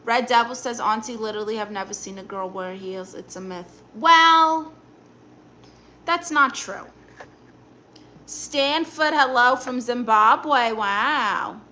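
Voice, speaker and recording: A woman with a sharp tone and a voice on the high side speaks in a Brooklyn accent, voicing a blunt, sassy aunt. Live-streaming, she reads viewer comments and offers dating advice, always ready with a quick comeback.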